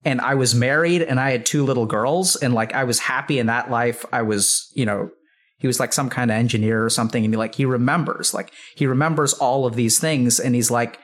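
Speaking a little fast in a mid-range voice, this man is a psychiatrist in his thirties guesting on a podcast. He rambles through a long, casual story, packing in "like" and cursing without restraint.

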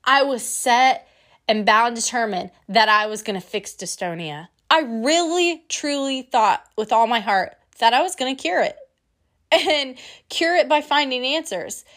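A young woman giving a personal testimony, telling her story in an animated way and acting out the people she quotes. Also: on the high side, unhurried.

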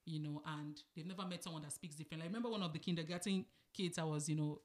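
A woman's voice: low-pitched, fairly even intonation, rapid-fire, a little mellow. A woman from Nigeria in her thirties with a Nigerian accent, chatting casually as a podcast co-host and telling stories, laughing often and slipping into pidgin. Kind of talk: casual chat.

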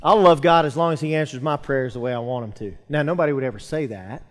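A man preaches to his congregation in a church sanctuary, his voice sitting a little high for a man. He builds emphasis and calls out to the room. The sound rings with a long hall reverb. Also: fast. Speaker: pastor. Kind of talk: sermon.

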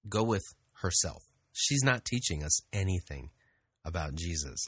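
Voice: low-pitched, animated, normal speed, husky, no echo. A commentator giving blunt, dismissive remarks in a critical voice-over. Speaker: online commentator critiquing a sermon.

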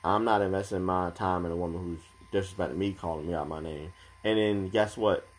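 A young man co-hosting a casual podcast chat, talking in a calm, measured, advice-giving way. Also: low-pitched.

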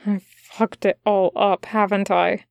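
A woman voicing a wary, hurt male demon who speaks quietly and hesitantly. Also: mid-range voice, little pitch movement, slow, creaky, no room sound, clean studio sound. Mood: hurt, guarded.

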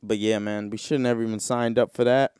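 Slangy young-sounding podcast host, smooth and dry. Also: male voice, lowish voice, little pitch movement, fairly quick, a little mellow, no echo. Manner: loose, slangy, rambling with frequent "bro". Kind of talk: casual solo podcast chat.

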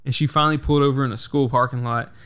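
A man's voice: medium pitch, steady tone, very fast, fairly bright tone, clear, resonant tone. A young man chats casually on a podcast, spinning a long anecdote. He rambles, leans on "like" constantly, and swears freely. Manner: rambling storytelling with frequent "like" and swearing. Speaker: podcast host. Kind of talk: casual chat.

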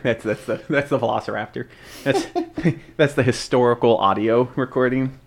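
A man narrating a tabletop role-playing game as game master, relaxed and halting, with many fillers. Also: medium pitch, gravelly.

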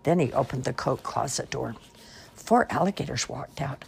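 Storybook reader, female, low gravelly voice, lively delivery. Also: moderate pace, slight background noise. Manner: expressive, lively voicing. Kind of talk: children's story read-aloud.

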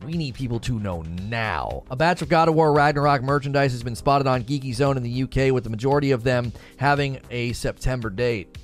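A man in his thirties, hosting a casual livestream chat, excitable and rambling, often repeating himself. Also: medium pitch, fast talker, soft background music. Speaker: livestream host.

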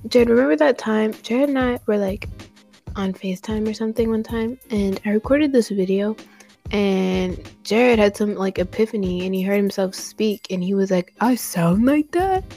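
A woman's voice: mid-range voice, normal speed, creaky, warm tone, faint music behind. Chatty young American woman. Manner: chatty, filler-heavy, teasing. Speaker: host. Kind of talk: casual chat.

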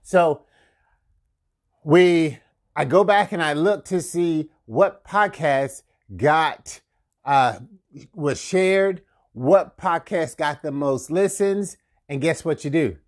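A man hosting a marketing podcast, giving motivational business advice in an energetic, conversational way with frequent chuckles and repeated catchphrases. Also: on the high side, slow. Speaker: podcast host and marketing coach. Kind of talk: casual motivational talk.

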